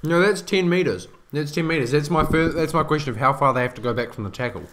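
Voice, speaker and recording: A man co-commentating a rugby league match casually, tossing out quick jokey remarks. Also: fairly high pitch, fairly bright tone, a little hiss or hum.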